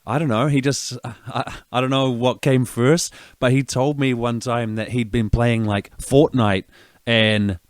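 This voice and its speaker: A man's voice: medium pitch, fairly even intonation, a little slow, no echo. Easygoing New man, dry close mic. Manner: easygoing, reads news then riffs with jokes. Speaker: podcast co-host. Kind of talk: casual chat and news reading.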